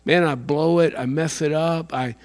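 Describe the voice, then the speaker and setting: A man preaching a sermon in an animated way, acting out the voices of fans and worshippers. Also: fairly high pitch, normal speed. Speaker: pastor.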